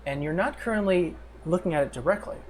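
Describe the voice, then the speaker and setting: A man's voice: high-pitched, expressive, fast talker. A man running a tabletop game as game master, describing scenes with frequent fillers and restarts. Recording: faint background noise.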